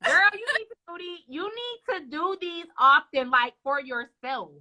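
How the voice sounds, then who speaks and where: A woman with a high, bright voice hosts a casual live stream from home. She talks in an animated, encouraging way and keeps dropping into playful quoted asides. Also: normal speed. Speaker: live show host.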